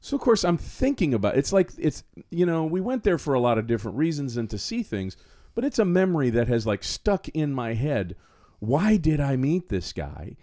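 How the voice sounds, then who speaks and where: A man's voice: a little high, moderate pace, no echo, clean studio sound. A man from Florida telling a story on a podcast, acting out both sides of the conversation. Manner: animated storyteller, acts out dialogue. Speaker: podcast co-host. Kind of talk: casual storytelling chat.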